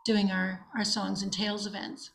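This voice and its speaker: A woman's voice: mid-range voice, normal speed, vocal fry, rough recording. A woman from Canada, a singer-songwriter guest, telling stories eagerly in a casual interview chat. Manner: animated, eager storytelling.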